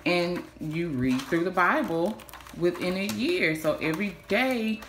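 A woman, chatting warmly in a casual vlog, gushing and repeating herself, saying y'all a lot. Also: lowish voice, expressive, unhurried. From Texas. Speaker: vlogger. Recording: echoey room with faint hiss.

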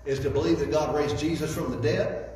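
A man's voice: a little high, steady tone, brisk, a little mellow. A man preaching a sermon as a guest speaker, folksy and repeating words as he builds his points. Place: church hall. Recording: echoey hall, distant mic, faint noise.

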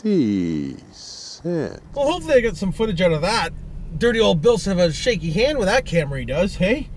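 A folksy man narrates a drive on his handheld camera, his voice sitting a little high and swinging up and down all the time. He rambles in a cheerful way and tags his lines with "eh" and "boys". Loud car and street noise runs under everything. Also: very animated, quick pace. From Canada. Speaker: vlogger. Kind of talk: casual driving vlog. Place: in a car, driving outdoors. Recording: noisy car and street sound. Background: car and outdoor noise.

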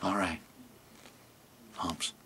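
A man voicing a cocky, lovesick male dromedary camel that mumbles low and calls others fool. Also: extremely slow, bright, forceful tone, a little hiss or hum. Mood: smug.

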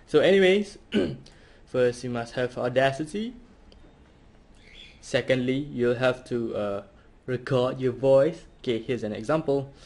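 A man's voice: mid-range voice, unhurried, darkish tone. A man hosting a casual home tutorial, hesitant and full of fillers. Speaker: tutorial host.

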